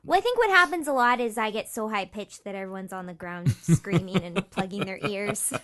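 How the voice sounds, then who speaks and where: A woman's voice: medium pitch, expressive, a little fast, a crowd in the background. A woman guest on a podcast, chatting casually and laughing often. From Canada. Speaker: guest voice actress. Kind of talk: casual chat.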